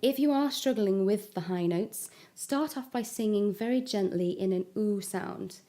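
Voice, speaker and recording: A woman giving a singing lesson, explaining vowel shapes step by step and demonstrating high notes. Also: unhurried, warm tone, soft background music. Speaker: singing teacher. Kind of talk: vocal lesson with sung examples.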